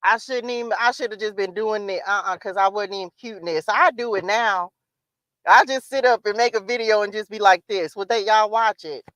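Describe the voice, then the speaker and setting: A woman tarot reader hosting a casual livestream, animated and chatty, often laughing as she talks to her viewers. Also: mid-range voice, a little fast, no room sound.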